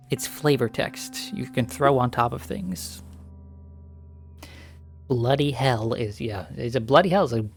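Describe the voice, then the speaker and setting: Gravelly American man rambling while gaming. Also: mid-range voice. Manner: rambling, opinionated. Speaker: streamer. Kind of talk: casual gameplay chat.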